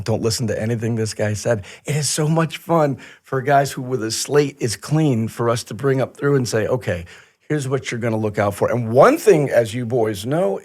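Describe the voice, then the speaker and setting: A man's voice: medium pitch, darkish tone. A man hosting a casual podcast, talking in a chatty storytelling way and acting out quoted back-and-forth. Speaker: podcast host.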